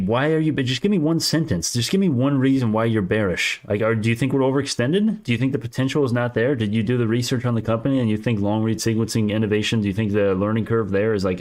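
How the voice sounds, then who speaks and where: A man's voice: medium pitch, a little mellow. A man hosting a stock market livestream, answering chat comments in casual, argumentative talk, often restarting his sentences.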